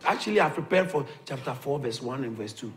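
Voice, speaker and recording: A man's voice: medium pitch, lively intonation, fairly quick. A man preaching a sermon to a congregation, often repeating phrases and asking the listeners whether they follow him. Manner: rhetorical questions to the congregation, repeats phrases for emphasis.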